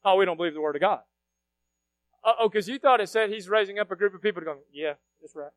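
A male pastor preaching a sermon in a church, swinging from loud shouted bursts down to low, quiet asides. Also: fast talker. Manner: fiery, shouting bursts then dropping low. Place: church sanctuary.

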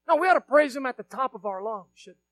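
A male pastor preaching a sermon in a church, swinging from loud shouted bursts down to low, quiet asides. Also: lively intonation, fast talker, no echo. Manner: fiery, shouting bursts then dropping low. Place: church sanctuary.

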